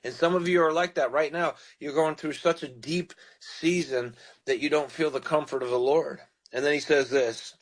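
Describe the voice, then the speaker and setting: A man's voice: a little high, steady tone, normal speed, low-quality recording. A man hosting a radio sermon, reading scripture and praying, earnest and pastoral as he speaks directly to listeners. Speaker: radio preacher.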